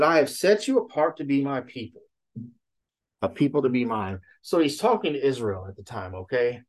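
A man's voice: medium pitch, darkish tone. A man preaching a sermon who retells a story with frequent "he said" tags and checks in with "okay?". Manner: retells a story with many "he said" tags, then teaches from scripture. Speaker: pastor.

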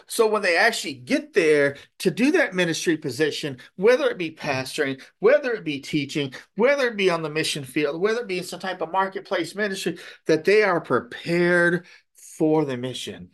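Guy pastor preaching casual, keeps saying okay, voice a bit on the high side. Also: fairly bright tone. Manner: tags points with "okay?", storytelling. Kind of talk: conversational sermon.

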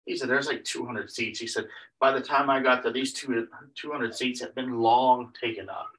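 A man's voice: mid-range voice, fairly even intonation, moderate pace, a bit bright. A man preaching, retelling another man's story in a rambling way, with many repeated "he said" tags and restarts. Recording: voice picked up from a distance.

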